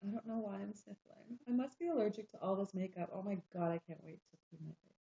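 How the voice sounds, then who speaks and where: A woman's voice: medium pitch, quick pace, gravelly, warm tone. A woman from Montreal with a light Québécois French accent chats her way through a makeup livestream. She pokes fun at herself as she goes. The sound is dull and lo-fi, in an echoey room. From Montreal, Canada. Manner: chatty, self-mocking, joking. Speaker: livestream host. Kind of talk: casual makeup livestream chat.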